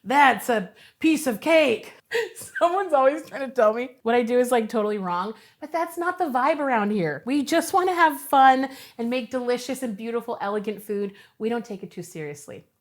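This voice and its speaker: A woman's voice: a little high, expressive, brisk. A young adult woman hosting a cooking show, chatting casually and giggling as she assembles a dessert. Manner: chatty, bubbly, giggles often.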